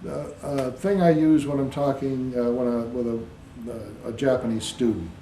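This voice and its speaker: A man talks in a patient, teacherly way, often spelling words out letter by letter. His voice is mellow and relaxed. The recording sits in an echoey room with a faint hiss behind it. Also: mid-range voice, moderate pace. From United States. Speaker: interviewee. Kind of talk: casual explanatory interview.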